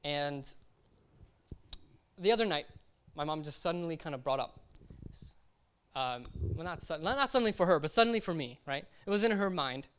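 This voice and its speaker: A young man preaching a laid-back sermon, his voice smooth and clear. He keeps checking in with his listeners and drops casual slang as he goes. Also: fairly high pitch, normal speed, pauses often. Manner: chatty, keeps checking in with "right?" and "okay?"; slangy and relaxed. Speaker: lay preacher. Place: church service.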